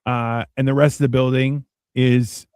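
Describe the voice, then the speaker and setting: A man's voice: mid-range voice, flat delivery, unhurried, darkish tone, clear, resonant tone, no echo. A man co-hosting a casual movie watch-along, joking and swearing freely. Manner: joking and profane, with mocking voices for characters. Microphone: live stream microphone.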